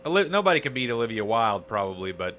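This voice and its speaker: A man's voice: mid-range voice, very animated, fast, fairly bright tone, a little hiss or hum. A man co-hosting a casual live-stream movie chat, full of bawdy banter.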